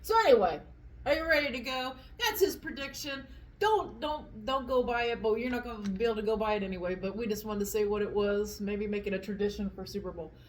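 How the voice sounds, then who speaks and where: Medium-pitched and brisk, a vlog host eats at home and chats casually at the dinner table, rambling and using fillers. The audio quality is poor.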